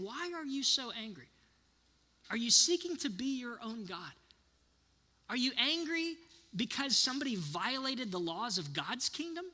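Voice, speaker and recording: A man's voice: high-pitched, sharp tone, long reverb tail. A man in his thirties giving an earnest sermon, often putting questions to his listeners. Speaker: pastor.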